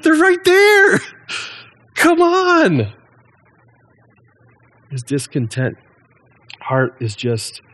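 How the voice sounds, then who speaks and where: A man in his thirties, a pastor giving a sermon in a relaxed, conversational way with frequent ums and restarts. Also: a little high.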